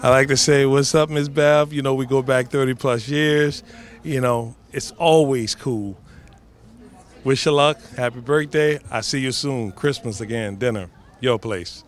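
A man's voice: mid-range voice, a little slow. A man recording a laid-back, cool birthday greeting for an old friend.

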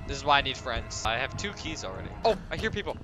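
A young man giving excited gameplay commentary in voice chat, swinging between loud yelps and muttered asides. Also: medium pitch, fast. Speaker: gaming YouTuber. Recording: game music playing under the voice.

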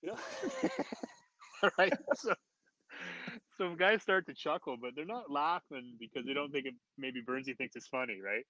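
A man, a former hockey player, telling an anecdote in casual chat as a podcast guest, animated and laughing often. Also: medium pitch, fairly quick, few pauses, dry recording, rough recording. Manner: animated, laughs often, quotes others in raised voices. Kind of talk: casual storytelling.

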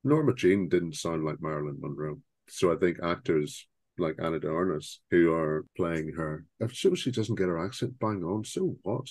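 Deep-voiced man, dry sound. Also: moderate pace, darkish tone, no echo. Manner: opinionated, rambling with restarts. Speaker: podcast co-host. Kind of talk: casual film discussion.

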